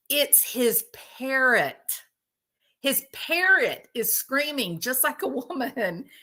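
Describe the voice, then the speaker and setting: A woman hosting a casual chat with her viewers, telling animated stories and laughing often. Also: a little high. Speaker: host.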